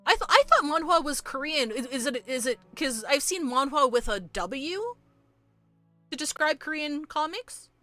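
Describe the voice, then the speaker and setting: Bright-voiced agitated woman streamer. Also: sits high, sing-song, normal speed, faint music behind. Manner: rambling, frustrated, apologetic, many restarts. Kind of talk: casual live-stream chat with viewers.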